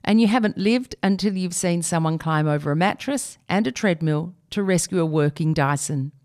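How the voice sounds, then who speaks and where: A woman reading a humorous column aloud with a wry, lively delivery. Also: fairly low pitch, normal speed. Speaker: reader of a column.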